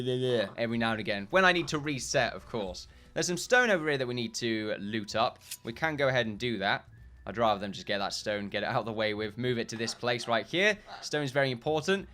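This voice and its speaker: A man's voice: mid-range voice, bright, forceful tone. A man giving casual gameplay commentary, rambling and correcting himself often, with short chuckles.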